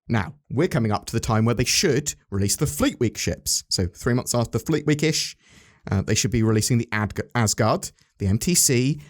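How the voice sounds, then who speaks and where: A man hosting a casual chat about game news, rambling and asking his co-host questions. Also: mid-range voice.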